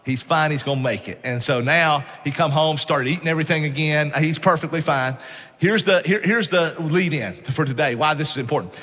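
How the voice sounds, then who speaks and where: In a church sanctuary, a middle-aged pastor preaches a sermon in a slightly high, somewhat bright voice at a moderate pace. He tells folksy stories and keeps saying "man," with the church hall adding reverb.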